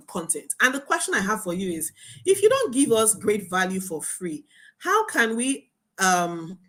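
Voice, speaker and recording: A young adult woman teaching a marketing webinar as a coach, talking in an animated, emphatic way. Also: medium pitch. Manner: animated, emphatic, laughs and acts out students' voices.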